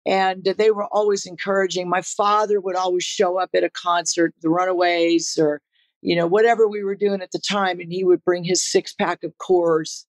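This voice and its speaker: A woman in her sixties, a guest musician on a podcast, tells stories in a casual interview, her voice on the low side with a flat delivery at a moderate pace. She's laid-back, laughs often, and uses lots of fillers and restarts.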